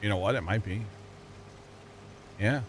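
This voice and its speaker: A man from the States with a fairly low voice talks loosely to his chat while he plays, drifting from topic to topic. He cracks puns, laughs at them himself, and keeps a relaxed, easygoing flow over a faint hiss in the background. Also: a little slow. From United States. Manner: rambling, jokey, laughs often at his own puns. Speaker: livestreamer. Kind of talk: casual chat with viewers while gaming.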